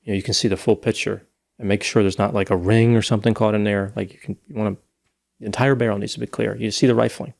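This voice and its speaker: A man's voice: on the low side, fairly even intonation, fast talker, gravelly, a little mellow. A man hosting a casual true-crime discussion, telling a case story at length. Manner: storytelling, recounting details at length. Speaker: podcast host.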